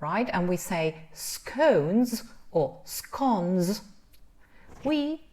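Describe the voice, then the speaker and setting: Lady teaching english sounds, super slow, voice goes way up and down. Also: mid-range voice, sing-song, darkish tone. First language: Spanish. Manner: drawn-out sounds, frequent "right?" checks. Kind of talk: pronunciation lesson.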